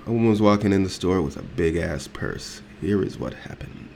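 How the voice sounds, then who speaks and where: A man's voice: deep voice, animated, fairly quick, gravelly, hardly any pauses, a little mellow, a little hiss or hum. A grown man telling a story as a heated, profane rant, acting out the exchanges in it. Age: adult.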